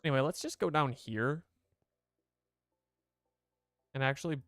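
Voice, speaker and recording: Male streamer, smooth voice, loose chatty play-by-play. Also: medium pitch, fast talker, a bit bright, no room sound, clean studio sound. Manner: rambling, chatty, talks to chat. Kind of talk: casual game commentary.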